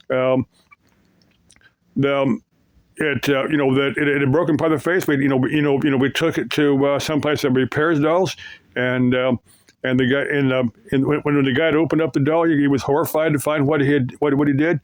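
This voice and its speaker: Rambling male storyteller, halting and casual, dry close recording. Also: mid-range voice, fairly even intonation, no echo. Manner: rambling, full of fillers and restarts. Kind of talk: casual retelling of creepy stories.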